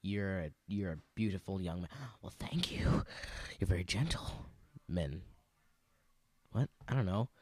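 A man's voice: deep voice, a little slow, pauses often, a little mellow. A young man rambling through gaming commentary, arguing with himself and slipping into silly voices. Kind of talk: let's play commentary.

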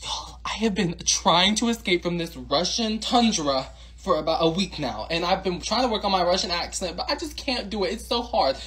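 Playful young woman with a lively voice. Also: fairly low pitch, normal speed, breathy edge. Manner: playful and dramatic, laughing often. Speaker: comedy skit creator. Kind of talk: comedic skit acting.

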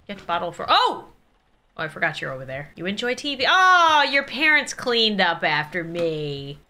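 A young woman gaming YouTuber giving excitable, giggly let's play commentary while talking to a baby character. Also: fairly high pitch.

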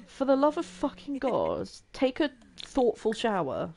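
A woman's voice: fairly high pitch, wildly swooping pitch, measured pace, vocal fry, hardly any pauses, a little mellow. A young woman chatting and giggling her way through a life-sim game as a streamer. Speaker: gaming streamer. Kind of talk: casual gameplay commentary.

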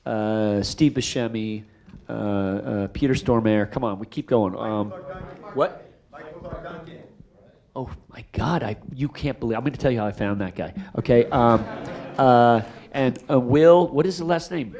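A middle-aged man, a film director, telling stories at a live Q&A after a screening, acting out voices in his anecdotes. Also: medium pitch. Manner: animated, acts out voices in anecdotes. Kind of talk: storytelling at a live Q&A. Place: theater stage after a screening.

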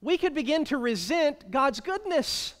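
A man preaching a sermon as pastor, emphatic, slowing down to stretch out key phrases. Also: very high-pitched, very animated, a bit bright. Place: church sanctuary. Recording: long reverb of a church hall.

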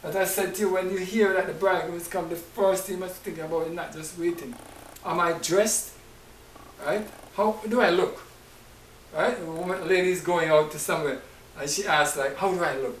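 A man's voice: sits high, steady tone, normal speed, far from the mic, a little hiss or hum. A man preaching a conversational sermon, often stopping to check in with listeners with a repeated "right?". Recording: echoey, from off-mic, with guitar.

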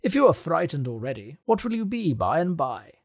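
An excitable older professor who lectures with booming confidence, as a male narrator puts him on. His voice sits higher and louder than the reader's own, with a husky edge, and he speaks in emphatic, lecturing bursts. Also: a little fast, heavily acted. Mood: insistent.

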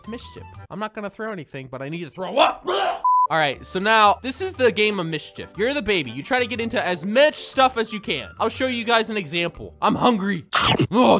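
High, lively young man joking over gameplay. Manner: jokey, excitable, yells at other players. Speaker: gaming YouTuber. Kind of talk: comedic gameplay commentary.

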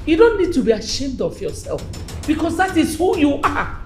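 A woman's voice: sits high, sing-song, normal speed, darkish tone, soft background music. A Nigerian actress playing an indignant middle-aged mother who scolds her son-in-law and mixes in Igbo words. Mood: scornful. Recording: echoey indoor room.

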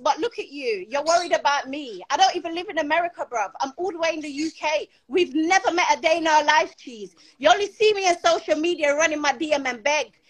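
A woman's voice: high-pitched, expressive, a little fast, hardly any pauses. A woman, arguing and cursing on a live stream, boastful and confrontational. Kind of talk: heated live-stream argument. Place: at home in the UK.

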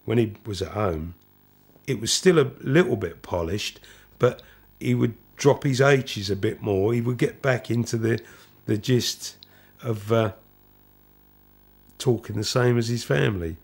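A man with a husky, gravelly voice speaks in an interview. He talks in a steady, measured way. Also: medium pitch. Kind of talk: reminiscing interview.

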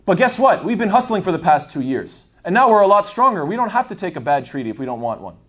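A man's voice: high-pitched, big pitch swings, fast talker, fairly bright tone. A man giving a casual religious lesson, rambling and thinking aloud with plenty of fillers as he tells the story. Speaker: Islamic lecturer. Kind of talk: casual explanatory talk.

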